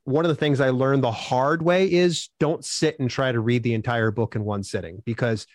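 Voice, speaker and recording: Man, mid-pitched voice, upbeat, animated storytelling, dry close sound. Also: moderate pace, no echo. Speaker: self-publishing expert guest. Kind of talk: casual interview answers.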